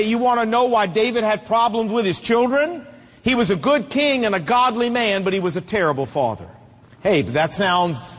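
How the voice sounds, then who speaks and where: A man's voice: sits high, big-room sound. A middle-aged man preaching a sermon, emphatic and telling stories with acted quotes.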